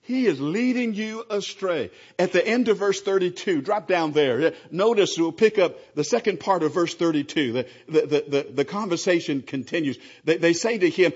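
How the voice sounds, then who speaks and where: Pastor guy preaching, husky voice, keeps restarting his words, dull lo-fi sound. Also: fairly high pitch, normal speed. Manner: stammering restarts, animated. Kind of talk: sermon.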